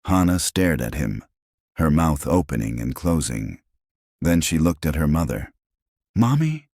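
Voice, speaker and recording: A man with an extremely deep voice narrates a dramatic story in a steady, scripted style. His pitch moves in lively swings, and the sound is dry and close to the mic. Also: a little slow, dry recording.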